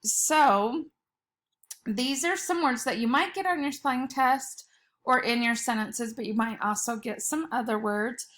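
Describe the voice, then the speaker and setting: A woman teaching a spelling lesson to young children. She speaks slowly and patiently in a fairly high voice and breaks each word into its sounds. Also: fairly bright tone. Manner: slow, patient, sounding out words letter by letter.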